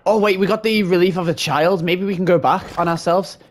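A man with a high voice and fairly even intonation hosts a horror game playthrough for his gaming channel, speaking briskly. His let's-play commentary is jumpy and scared, and he swears a lot.

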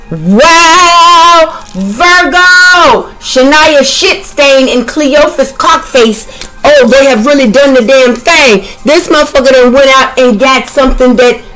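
A woman's voice: high voice, low-quality recording. A woman doing a tarot reading in a brash, comedic way, swearing constantly and hurling colorful insults. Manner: profane, trash-talking, animated. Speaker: tarot reader.

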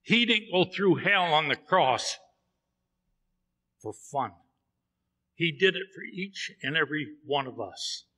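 A man's voice: on the high side, lively intonation, moderate pace, few pauses, bright, forceful tone, slightly rough, big-room sound. A man preaching a sermon in a church, telling a Bible story and acting out the characters' lines. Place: church sanctuary.

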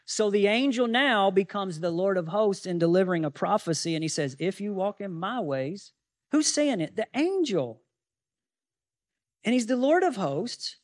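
A man's voice: high-pitched, big pitch swings, normal speed, no room sound, clean studio sound. A male pastor preaching a sermon, teaching from scripture with many rhetorical questions to the congregation.

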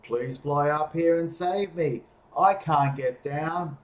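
A man's voice: on the high side, slow, lo-fi sound. A man doing a scared little elephant. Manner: fearful, pleading.

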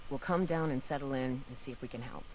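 A woman's voice: very deep voice, quick pace, a crowd in the background. An actress playing a wary, tough woman survivor in a video game, firm and guarded. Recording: game audio over clear music.

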